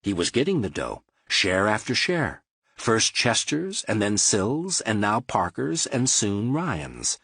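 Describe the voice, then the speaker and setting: A man reading an audiobook crime story in an expressive narration, close to the mic. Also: fairly low pitch, slow pace, breathy edge, no echo. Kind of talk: scripted narration.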